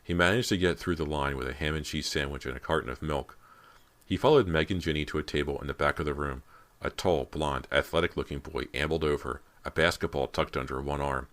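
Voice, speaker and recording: A man reading a teen horror novel as audiobook narrator, in a steady, measured way. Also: extremely low pitch. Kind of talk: scripted narration.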